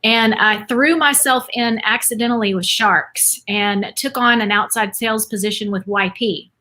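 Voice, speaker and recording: Bright-voiced chatty woman guest. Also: fairly high pitch, steady tone, moderate pace. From Dallas, Texas, USA. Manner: chatty, storytelling, laughs easily. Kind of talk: casual podcast chat.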